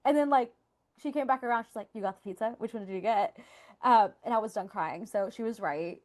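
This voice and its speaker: A woman's voice: on the high side, brisk, darkish tone. A woman hosting a podcast, telling candid stories in casual chat, full of "like" fillers. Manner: candid, storytelling, frequent "like" fillers. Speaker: podcast host.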